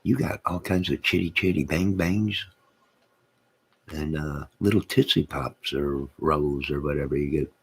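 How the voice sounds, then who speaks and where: A man's voice: extremely low pitch, a little slow, husky. A man hosting his own channel, rambling to his live chat, reading out comments and laughing to himself. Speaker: channel host.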